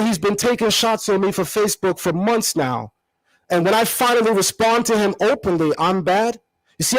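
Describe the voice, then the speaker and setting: A man with a high, bright speaking voice, recorded dry and close to the mic. He answers a critic in a combative commentary, repeating his key words for emphasis. His tone stays lively and pointed. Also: dry recording, low-quality recording. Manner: animated, combative, emphatic repetition. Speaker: channel host. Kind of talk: confrontational commentary vlog.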